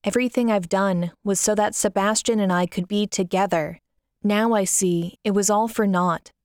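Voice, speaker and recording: A woman narrates a first-person story in a soft, mournful reading voice. Her tone is smooth and clear. The recording is dry and close to the mic. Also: medium pitch, fairly even intonation, normal speed, no room sound.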